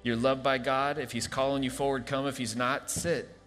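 A male pastor leading an altar call and praying scripture over a congregation, moving from soft, hushed invitation to fervent proclamation. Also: mid-range voice, little pitch movement, normal speed. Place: church sanctuary. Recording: large hall reverb with soft music behind.

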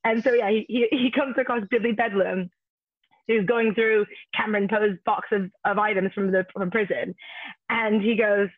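A woman with a mid-range, steady voice co-hosts a podcast, chatting casually at a moderate pace and laughing often. The audio has a dull, lo-fi podcast quality.

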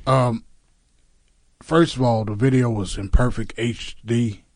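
A man co-hosting a casual podcast, joking and rambling through quick asides. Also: mid-range voice, steady tone, no echo. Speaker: podcast co-host. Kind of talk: casual comedic chat.

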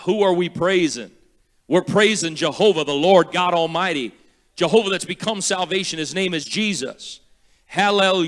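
Male guest pastor, fairly high pitch, emphatic sermon delivery that swells into loud praise. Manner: emphatic, builds to shouting praise; repeats words slowly for teaching.

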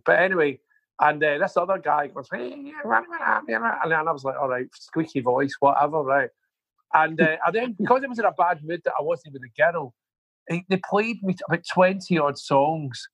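Husky-voiced man telling rambling stories. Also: fairly high pitch, fairly bright tone, dry recording, low-quality recording. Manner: profane, rambling anecdotes with frequent asides. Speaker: music manager guest. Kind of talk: casual storytelling interview.

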